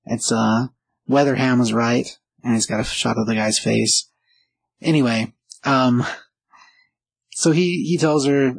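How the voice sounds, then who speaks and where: A man's voice: medium pitch, steady tone, measured pace, creaky, pauses often, husky, no room sound, poor audio. A man giving a casual, rambling spoken recap of a comic book, lightly acting out the characters' lines. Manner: rambling, acts out quotes lightly, frequent "like" and "uh".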